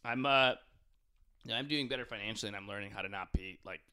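A man's voice: lowish voice, fast talker, bright, forceful tone, clean tone. A young man on a podcast, chatting casually and animatedly, swearing often and saying "dude" a lot.

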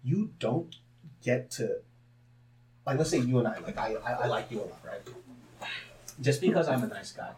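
A young man talking candidly in a casual interview, swearing freely and breaking into loud laughs as he tells stories about himself. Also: mid-range voice, animated, moderate pace, long pauses, a crowd in the background. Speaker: podcast guest, comedian.

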